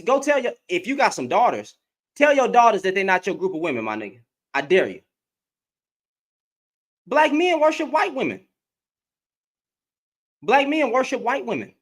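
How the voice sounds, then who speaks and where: A man giving heated reaction commentary as an online commentator, animated and profane, repeating himself and laughing often. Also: very high-pitched. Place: in Dallas, Texas.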